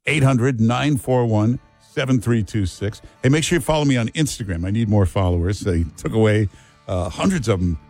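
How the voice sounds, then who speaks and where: A man's voice: on the low side, animated, normal speed, darkish tone, faint music behind. A man hosting talk radio, blunt and joking, talking to callers and his co-host. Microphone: studio mic.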